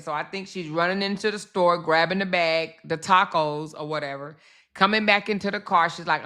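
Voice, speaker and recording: A woman hosts a casual livestream with a bright, forceful voice. She chats animatedly straight to her viewers, laughing often as she comments. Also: on the low side, brisk. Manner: chatty, animated, talks to her chat directly; laughs often while talking.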